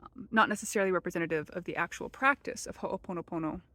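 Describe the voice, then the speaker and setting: A woman giving a gentle, measured spiritual teaching, softening almost to a hush as she repeats a prayer. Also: on the low side, no echo.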